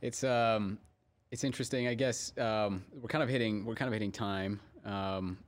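Halting male podcast host. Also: fairly low pitch, steady tone. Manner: halting, stops and restarts his questions. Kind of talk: casual interview.

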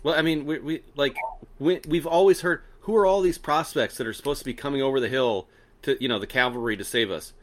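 A man co-hosting a casual sports podcast, arguing his points with halting restarts. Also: medium pitch. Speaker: podcast co-host.

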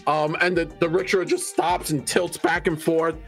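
A man narrating a tabletop game as game master, slow and descriptive. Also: fairly high pitch, fairly even intonation, vocal fry, soft background music.

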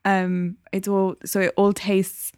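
A woman's voice: mid-range voice, monotone, takes it slowly, darkish tone, clean tone, no echo, studio quality. A woman, co-hosting a podcast and telling stories with feeling. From England. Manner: chatty, emotional storytelling. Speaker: podcast co-host. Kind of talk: casual chat.

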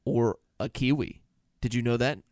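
A man's voice: medium pitch, normal speed, a little mellow, dry recording, clean studio sound. A man hosting a casual comedy podcast, teasing his co-host and rattling off fun facts.

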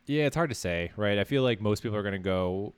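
Male podcast co-host, low voice, easygoing rambling delivery, dry sound. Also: expressive, fast, clear, resonant tone, no echo. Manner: laid-back, laughs often, rambling with fillers. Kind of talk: casual chat.

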